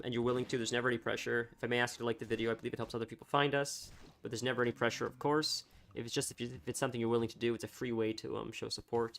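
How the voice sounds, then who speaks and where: A young man chatting casually on a live stream, rambling and halting, full of fillers and restarts. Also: mid-range voice.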